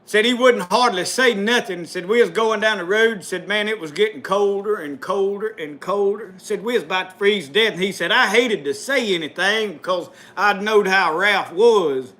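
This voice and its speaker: In a thick rural dialect, a man tells a folksy tall tale, repeatedly breaking into chuckles at his own story. His very high, bright voice moves at normal speed with few pauses.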